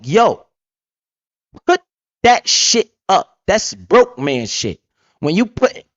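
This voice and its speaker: A blunt, streetwise man hosting a profane, casual money-talk livestream, with big swings in pitch as he talks. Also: no room sound, muffled recording. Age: adult parent. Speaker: livestream host.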